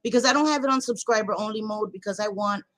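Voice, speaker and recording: A woman's voice: mid-range voice, fast, fairly bright tone, dry recording. A woman hosting a casual livestream, hyper and profane, greeting viewers with pet names. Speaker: livestream host.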